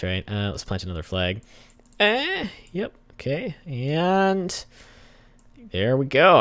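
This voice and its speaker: A man's voice: medium pitch, dry recording. A young man hosting a gaming channel, giving casual gameplay commentary, chatting to the characters on screen and getting easily exasperated.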